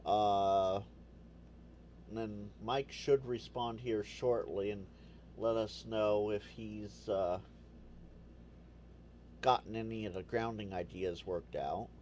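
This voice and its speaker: A man's voice: lowish voice, fairly even intonation, slow, long pauses, darkish tone, a little hiss or hum. A man hosting a casual livestream, chatting to viewers, rambling and stammering, often repeating words as he restarts. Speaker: livestream host.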